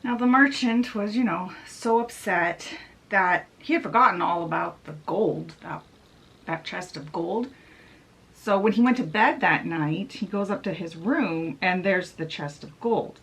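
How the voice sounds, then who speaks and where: Casting: laid-back woman vlogger retelling an old tale, slow and chatty. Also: mid-range voice, a bit bright, poor audio. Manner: chatty, laid-back, asides while doing makeup. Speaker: book vlogger. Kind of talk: casual fairy-tale retelling.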